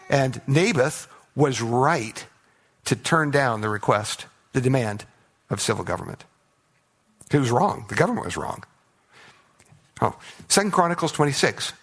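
A man's voice: medium pitch, breathy edge. A man preaching a sermon, retelling Bible stories with playful acted-out voices for the characters. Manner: animated storytelling, acts out biblical characters in playful voices. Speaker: pastor.

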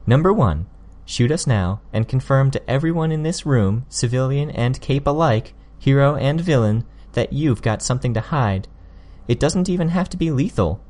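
A man voicing a sly, sharp-tongued teenage girl villain in an audiobook, smug and needling. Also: medium pitch, animated, moderate pace, natural voice. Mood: challenging. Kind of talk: audiobook character voice.

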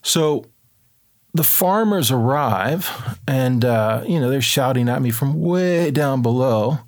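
A man's voice: mid-range voice, takes it slowly. A man telling an adventure story in a loose, chatty way, acting out what people said in a raised voice. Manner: animated, acts out quotes in a raised voice; loose and chatty, many fillers like "kind of" and "like". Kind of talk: casual spoken storytelling.

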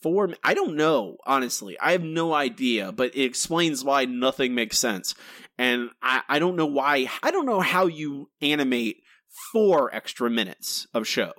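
A man's voice: medium pitch, lively intonation, measured pace, fairly bright tone, no echo, studio quality. A man co-hosting a podcast, talking in an exasperated, rambling way with frequent restarts. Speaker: podcast co-host. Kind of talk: casual review chat.

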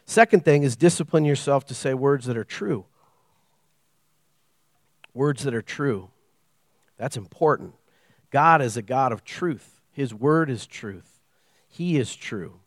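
A middle-aged man preaching a sermon as pastor, telling stories with animated delivery and acting out dialogue. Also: medium pitch, measured pace, pauses often, dry recording, clean studio sound. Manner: animated storytelling, acts out dialogue.

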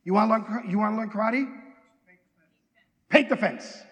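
A man's voice: sits high, moderate pace, fairly bright tone, big-room sound, lo-fi sound. A man putting on the clipped, accented broken English of an elderly male karate teacher. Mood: calm, instructing. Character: elderly male martial arts teacher, calm and terse.

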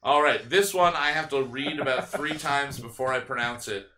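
A man's voice: mid-range voice, normal speed, sharp tone. A man hosting a casual podcast, reading odd words aloud and joking with his co-hosts. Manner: joking, laughs often, spells words out. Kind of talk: casual crude podcast banter. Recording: roomy, from off-mic, faint noise.

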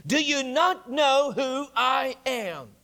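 A man's voice: very high-pitched, animated, slow pace, bright, forceful tone, heavily acted. A man preaching, retelling a story and voicing a broken, repentant prisoner who cries out in desperate pleading.

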